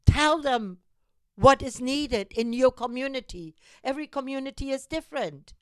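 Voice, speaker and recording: A woman's voice: high-pitched, animated, moderate pace, clean tone, no echo. A woman hosting her own show, giving an impassioned monologue that urges listeners to get engaged. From Europe. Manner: urgent, exhorting, emphatic repetitions. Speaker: host of a civic call-to-action show. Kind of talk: impassioned direct-to-camera monologue.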